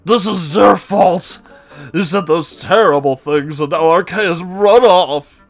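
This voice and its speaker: A man voicing a short, bossy young man who shouts indignant scoldings. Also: fairly high pitch, unhurried, soft background music, voice pushed up, lightly acted. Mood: shouting scolding.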